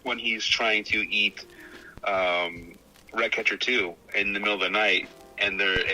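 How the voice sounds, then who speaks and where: Bright-toned man chatting about a film. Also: fairly low pitch, unhurried, faint music behind, poor audio. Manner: relaxed, rambling, frequent fillers and restarts. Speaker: podcast co-host. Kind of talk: casual film discussion.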